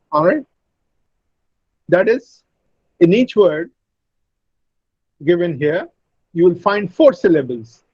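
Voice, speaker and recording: A man teaching English word stress in an online lecture, speaking deliberately and repeating each word to model it. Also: sits high, a little mellow, breathy edge, no echo, dull audio. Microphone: computer mic on a video call.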